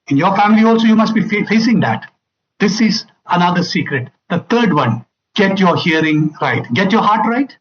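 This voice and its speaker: With lively intonation and a moderate pace, a family seminar speaker delivers an emphatic talk to an audience. His high voice swings widely in pitch as he hammers key phrases and performs quoted lines. The sound is dull and muffled.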